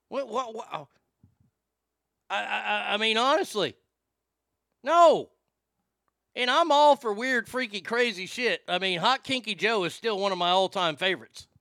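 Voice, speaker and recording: Male streamer, crude comic rant, high gravelly voice, dry close sound. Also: bright, forceful tone, no room sound. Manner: incredulous, profane, stammering restarts. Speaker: live stream host. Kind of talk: crude comedic rant to chat.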